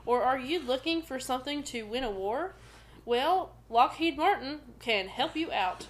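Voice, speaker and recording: Female podcast co-host, chatty and joking, somewhat high voice. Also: lively intonation. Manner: chatty, quick backchannels and jokes. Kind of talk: casual podcast chat.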